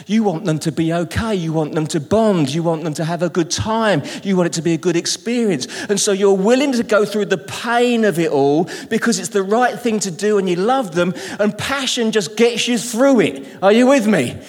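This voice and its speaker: A middle-aged British man preaching a sermon in a church, lively and humorous, calling out to the congregation. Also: high-pitched, moderate pace, hardly any pauses. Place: church hall. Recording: long reverb in a large hall.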